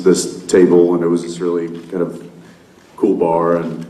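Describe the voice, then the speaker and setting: A man with a very low voice tells an easygoing, laughing story on a convention panel, pausing on fillers. The sound is roomy and echoing, with steady noise behind it. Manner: relaxed, laughing anecdotes with many fillers. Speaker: panel guest. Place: convention hall with audience. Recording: echoey convention hall with background noise.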